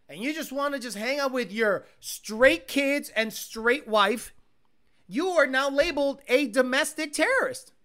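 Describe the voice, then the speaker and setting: Bright-voiced man ranting casually. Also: very high voice. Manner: profane, rambling, animated storytelling. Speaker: livestream host. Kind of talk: casual chat.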